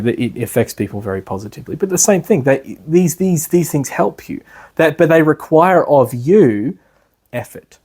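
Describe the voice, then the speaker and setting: A man's voice: medium pitch, a little mellow, husky. A man giving a class as an instructor, talking loosely with many fillers and restarts. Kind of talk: lecture.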